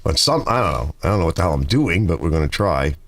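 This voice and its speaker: A man's voice: deep voice, big pitch swings, quick pace, creaky, a bit bright, a little hiss or hum. A middle-aged man hosting a garage livestream, chatting casually, reading viewer comments and rambling through stories. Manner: rambling, talkative storyteller.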